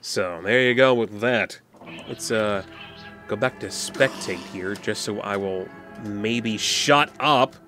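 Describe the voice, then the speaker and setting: A man's voice: on the low side, slow pace, sharp tone, soft background music. A man casually walking through a game map he built, rambling and thinking aloud with frequent fillers.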